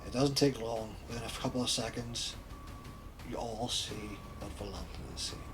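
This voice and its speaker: A man acting as storyteller, narrating a tabletop role-playing game with steady, descriptive scene-setting. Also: mid-range voice, moderate pace, over music.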